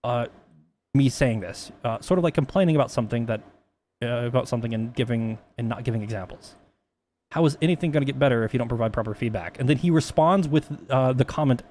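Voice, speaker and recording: A man's voice: medium pitch, expressive, moderate pace, darkish tone. A man talking casually on a stream, rambling with many restarts and plenty of swearing.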